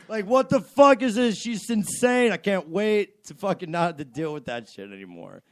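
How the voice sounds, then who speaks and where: A young man hosts an internet radio show from a home studio, with a fairly high voice and a dry, close sound. He tells a story full of cursing and gets visibly worked up as he goes. The talk is loose and full of laughs. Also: moderate pace, few pauses, no room sound. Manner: profane, animated storytelling with laughs. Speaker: podcast host. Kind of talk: crude casual radio banter.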